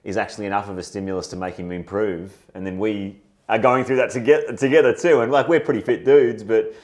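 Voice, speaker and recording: Male co-host, deeper voice, energetic and keen in casual chat. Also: a little fast. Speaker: co-host, trainer.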